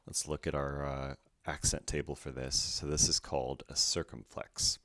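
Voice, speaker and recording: A man's voice: a bass voice, flat delivery, moderate pace, pushed and bright, dry recording, clean studio sound. A man teaching Greek pronunciation, going carefully through each word letter by letter in a methodical way. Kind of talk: slow letter-by-letter pronunciation lesson.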